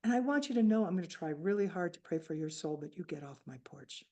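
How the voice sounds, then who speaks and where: An older woman acting out her furious, grieving mother yelling at a stranger. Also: lowish voice, lively intonation, fast. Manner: yelling, sharp.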